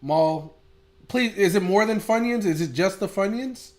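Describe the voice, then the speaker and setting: A man co-hosting a casual fishing podcast chat, excitable, laughing often and swearing casually. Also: sits high, a little slow. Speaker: podcast co-host.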